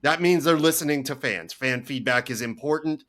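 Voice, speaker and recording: A man's voice: mid-range voice, normal speed, fairly bright tone. A man co-hosting a podcast in casual chat, opinionated and teasing, with emphatic short remarks. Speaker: podcast co-host.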